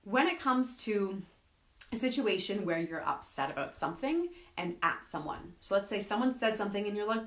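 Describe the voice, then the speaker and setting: A woman hosts a live self-help stream in an animated, coaching voice. Her pitch sits mid-range and the room around her rings with echo. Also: normal speed. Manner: animated, acts out quoted friends. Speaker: host.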